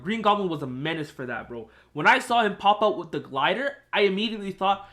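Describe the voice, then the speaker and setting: A young man hosting a podcast, retelling a film scene in an excited, animated, casual way. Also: high-pitched, brisk, hardly any pauses. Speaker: podcast host. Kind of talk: casual chat.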